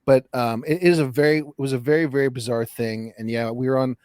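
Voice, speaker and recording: A man co-hosting a podcast who is a voice actor, talking in a relaxed, thoughtful way. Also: mid-range voice, quick pace, clear, resonant tone, dry recording, clean studio sound. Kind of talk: casual chat.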